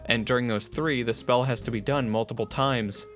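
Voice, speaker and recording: A man's voice: medium pitch, fairly even intonation, moderate pace, soft background music. A man voicing a story game playthrough, reading narration and characters with joking asides. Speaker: game streamer reading a visual novel aloud. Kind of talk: casual voiced playthrough.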